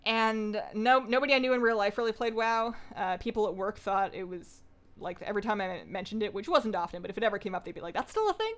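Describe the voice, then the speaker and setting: A woman's voice: medium pitch, a bit bright. A young woman livestreaming a game, chatting casually and rambling in a self-deprecating way as she reads viewer comments. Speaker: gaming streamer. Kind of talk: casual live-stream chat.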